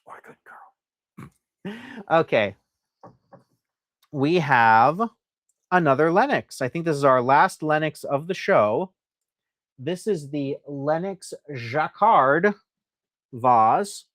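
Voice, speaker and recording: During a live stream where he sells antiques, a man gives an enthusiastic, chatty sales presentation, reading viewer comments in a loose, rambling style with many fillers. He speaks slowly with long pauses in a slightly high, slightly bright voice with lively intonation. The recording is studio quality with no room sound.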